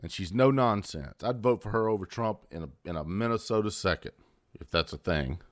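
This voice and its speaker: A man's voice: fairly low pitch, fairly quick, dry recording, clean studio sound. A man in his fifties hosting his own channel, ranting bluntly and defiantly about politics with heavy swearing and sarcastic asides. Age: 50s. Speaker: host. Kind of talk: political rant to camera.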